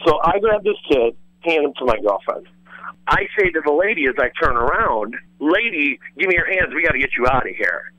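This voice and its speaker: A man telling a wild story in animated casual chat, rambling with lots of fillers and swearing freely. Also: fairly high pitch, brisk, dull audio. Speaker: former radio host telling a story as a guest.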